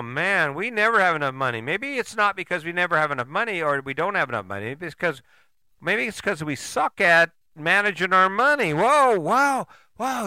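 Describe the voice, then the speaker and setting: Older male podcast host, blunt and profane, animated pitch, crisp voice. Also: dry recording. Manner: blunt, swearing, rhetorical questions. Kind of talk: motivational monologue.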